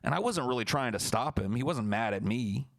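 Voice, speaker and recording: A man's voice: mid-range voice, lively intonation, brisk. A young man streaming, telling a story casually and talking back to his chat in a profane, blunt, laid-back way.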